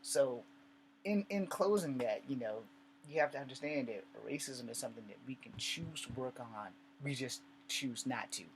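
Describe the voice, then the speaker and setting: A man from the United States talks straight into his vlog at an ordinary middle pitch. He tells his story bluntly, swears freely and acts out the conversations he recounts. A faint hum sits beneath his voice. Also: low-quality recording. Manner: blunt and profane, with frequent swearing; animated retelling with acted dialogue. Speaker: vlogger. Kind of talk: casual storytelling monologue.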